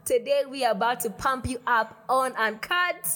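A woman's voice: a little high, animated, moderate pace, fairly bright tone, faint music behind. A young Kenyan woman co-hosting a casual chat show, playful and often laughing, switching between Swahili and English. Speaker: podcast co-host.

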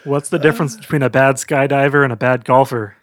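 A woman telling jokes in a casual podcast chat, giggly and animated. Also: very deep voice, fast, no room sound, clean studio sound.

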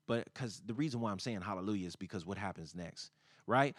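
A man preaching a sermon, repeating phrases for emphasis and rising into loud, high exclamations when he reads scripture, then dropping to quiet, intimate talk. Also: fairly quick, no room sound, clean studio sound.

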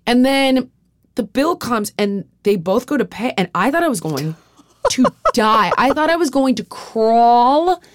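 A woman hosts a casual podcast chat, speaking candidly and profanely, rambling and often restarting her sentences. Her voice is fairly high and sing-song, her pace measured, and the recording dry.

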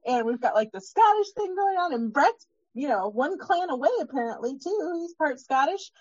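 A woman's voice: high voice, lively intonation, moderate pace, darkish tone, no room sound, lo-fi sound. A woman co-hosting a podcast, talking in a bubbly, gushing way. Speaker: podcast co-host. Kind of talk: casual podcast chat.

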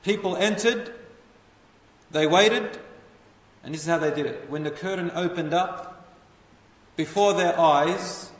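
A man telling a history story as a lecture, animated and putting questions to his listeners. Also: a little high, unhurried. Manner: animated, asks the audience questions. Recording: echoey hall, voice from far off.

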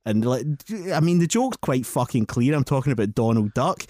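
A Scottish man telling a sweary, animated anecdote on a casual podcast. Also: medium pitch, fairly quick, no room sound, clean studio sound. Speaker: podcast host. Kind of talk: casual storytelling.

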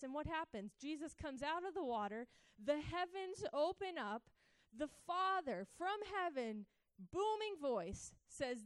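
A young woman preaches with a high, smooth and clear voice, recorded close and dry with no room sound. She reads scripture and then talks it through in an earnest, conversational way, asking her listeners questions as she goes. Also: a little mellow, dry recording, poor audio. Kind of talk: sermon with scripture reading.

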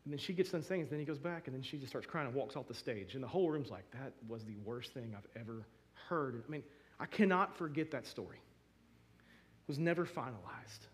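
Animated man preaching a sermon. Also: a little high, a little fast. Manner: animated, emotional storytelling with many restarts. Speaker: pastor.

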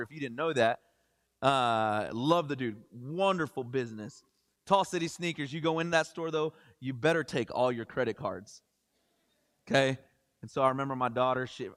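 A man in his thirties preaching a casual, jokey sermon with lots of restarts and asides. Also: medium pitch. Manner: chatty, animated, jokey, many restarts. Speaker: pastor. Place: church hall with long reverb. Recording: church hall reverb.

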